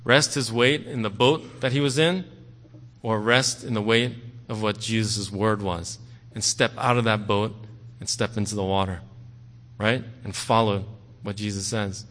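A man's voice: lowish voice, steady tone, measured pace, a bit bright. A man preaching a sermon in a conversational way, often checking in with "okay?" and "right?". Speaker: pastor. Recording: long hall reverb.

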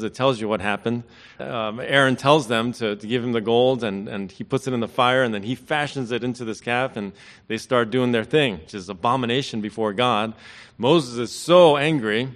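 A man's voice: medium pitch, normal speed, a bit bright. A man leading a church service as pastor, praying and then preaching in a conversational, self-deprecating way. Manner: conversational, self-deprecating, acts out quoted voices. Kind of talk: sermon. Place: church sanctuary. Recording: hall reverb.

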